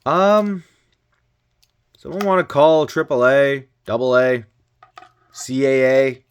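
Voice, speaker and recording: A man's voice: mid-range voice, fairly even intonation, slow pace, smooth, dull audio. A man from Canada casually reviewing a toy, chatty and joking, with mild exasperated exclamations as he handles it.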